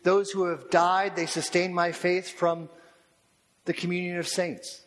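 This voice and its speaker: A man preaching a sermon as a pastor, talking in a slow, measured and reflective way and posing repeated questions to his listeners. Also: sits high, level tone, a bit bright. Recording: long reverb of a large hall.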